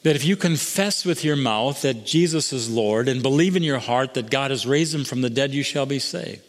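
A man preaching a sermon as pastor, swinging between soaring emphatic lines and hushed, intimate ones. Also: medium pitch, moderate pace, long reverb tail.

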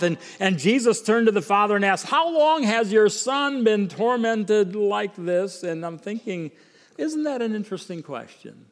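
A man preaching a sermon with emphatic swings from quiet, slow lines to raised ones. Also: high-pitched. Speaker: pastor. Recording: long hall reverb.

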